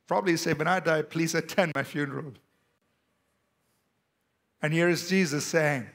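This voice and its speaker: High-voiced preaching man, Indian accent. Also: slow pace, long pauses, fairly bright tone. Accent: Indian English. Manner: emphatic preaching with rising and falling delivery. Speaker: pastor. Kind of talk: sermon. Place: church.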